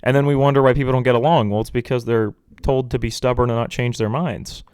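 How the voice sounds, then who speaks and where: A young man hosting a casual solo sports podcast, rambling and animated, sometimes mocking pundits in impressions. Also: mid-range voice, fast, smooth, no echo, clean studio sound. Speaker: podcast host.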